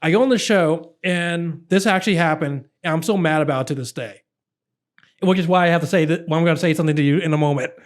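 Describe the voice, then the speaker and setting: A man from Philadelphia, a political activist guest, telling a story in casual podcast chat with lots of restarts. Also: on the high side. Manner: earnest, halting storyteller with many restarts.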